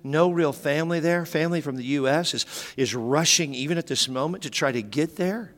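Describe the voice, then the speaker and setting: A man in his fifties preaching a sermon as pastor, animated and joking, with sudden emphatic bursts. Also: a little high, brisk. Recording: long hall reverb.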